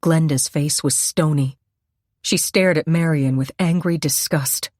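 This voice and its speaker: A woman narrating a suspense novel in a measured, steady storytelling voice on a close microphone. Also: sits low, dry recording. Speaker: audiobook narrator. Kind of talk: scripted narration.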